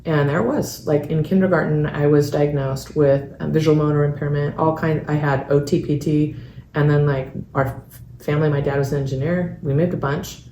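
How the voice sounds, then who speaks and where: A woman's voice: low voice, steady tone, brisk, warm tone. A woman hosting a podcast interview, telling stories in a chatty way and acting out the people she quotes. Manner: chatty storyteller, acts out quoted voices. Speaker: podcast host and founder. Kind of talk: casual interview chat. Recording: echoey room with faint background noise.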